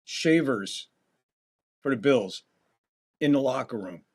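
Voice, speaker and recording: A man's voice: mid-range voice, lively intonation, takes it slowly, a little mellow, husky. A man doing casual live football play-by-play on a podcast stream, calling plays and ranting with frequent swearing. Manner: profane, exasperated rants between play calls. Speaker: podcast host doing live game commentary. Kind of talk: casual live sports commentary.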